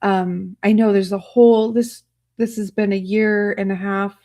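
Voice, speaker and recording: Soft-spoken rambling woman livestreamer. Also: medium pitch, little pitch movement, unhurried. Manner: soft, rambling, emotional, with frequent fillers. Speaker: livestream host. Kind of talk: casual livestream chat.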